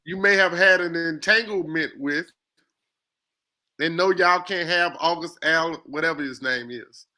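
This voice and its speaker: High bright-voiced animated man. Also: a little slow. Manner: animated, poses scenarios, jokey asides. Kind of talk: casual discussion.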